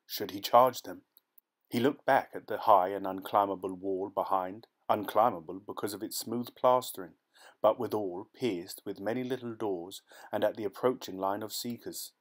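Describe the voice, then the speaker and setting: A man narrates a classic short story for an audiobook with a fairly low voice. He keeps a steady, measured storytelling pace through the action. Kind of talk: scripted narration.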